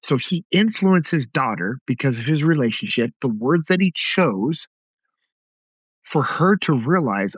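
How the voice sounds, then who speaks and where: A man's voice: mid-range voice, lively intonation, a little slow, breathy edge, dry recording, muffled recording. A middle-aged man hosting a podcast, telling stories in a direct, conversational way. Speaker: podcast host. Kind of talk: casual podcast talk.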